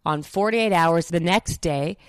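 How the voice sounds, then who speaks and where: A woman from Canada tells a long personal story in a casual interview. She speaks in a slightly low, animated voice, stringing her sentences together with fillers and acting out every quote. The sound is close and dry, with no room around her. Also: measured pace, no echo. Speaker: guest.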